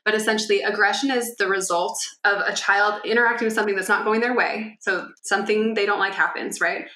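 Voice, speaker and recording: A woman co-hosting a podcast, explaining ideas in a casual, animated way and sometimes acting out a child's voice. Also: mid-range voice, quick pace, reverberant. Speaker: podcast co-host.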